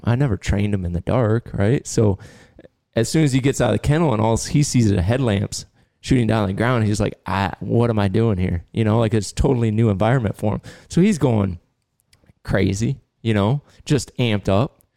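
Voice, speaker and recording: A man hosting a podcast, telling a long story in a casual, animated way and laughing now and then. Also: on the low side, creaky, dry recording, studio quality. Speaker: podcast host and dog trainer.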